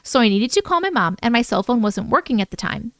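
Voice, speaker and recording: Bright, lively chatty woman host. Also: fairly high pitch, fast, no echo, clean studio sound. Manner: playful, chatty, breaks off to joke and laugh. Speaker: host reading viewer stories. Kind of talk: casual livestream chat and story reading.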